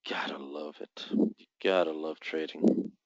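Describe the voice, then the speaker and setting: A man's voice: a bass voice, steady tone, a little slow, darkish tone, dry recording. A man hosting live trading commentary, reading out buy and sell volumes and muttering taunts at the market. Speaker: forex trader hosting a live forecasting room. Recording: dull, dry lo-fi sound.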